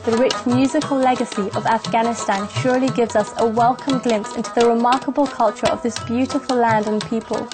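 A woman's voice: on the high side, fairly even intonation, a little fast, few pauses, music in the background. A woman presenting scripted news reports in a cheerful manner.

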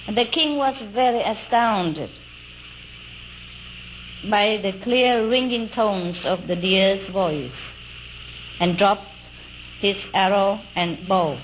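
Slow, chatty woman telling a story. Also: mid-range voice, rough recording. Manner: unhurried, chatty asides with fillers and little laughs. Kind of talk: casual oral storytelling. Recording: faint outdoor cricket noise.

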